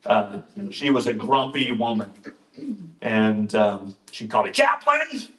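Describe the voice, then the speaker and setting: A man's voice: on the low side, steady tone, a little slow. A male pastor giving an informal, conversational talk, often interrupting himself with asides and jokes. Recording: roomy echoing room.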